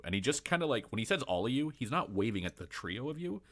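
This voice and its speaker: A man narrating as game master in a rambling, halting way with many fillers. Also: mid-range voice, big pitch swings, fairly bright tone.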